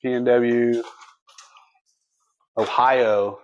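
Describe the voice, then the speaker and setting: A man's voice: medium pitch, fairly even intonation, very slow, dull audio. A man co-hosting a livestream, chatting casually and folksily as he reads viewer comments. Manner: laid-back, folksy, laughs easily. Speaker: livestream co-host.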